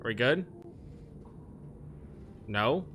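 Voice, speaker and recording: A man streaming a video game, chatting casually with his viewers and now and then yelling at the game. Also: medium pitch, expressive, drawn-out words, a little hiss or hum. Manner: yells at the game in frustration, then chats with viewers. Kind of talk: casual gaming stream chat.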